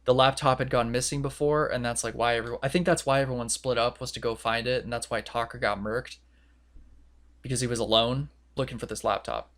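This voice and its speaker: A man's voice: mid-range voice, fairly even intonation, a little fast, fairly bright tone. Rambling young man retelling a story. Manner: rambling, filler-heavy retelling with quoted voices. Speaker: podcast co-host. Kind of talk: casual podcast chat.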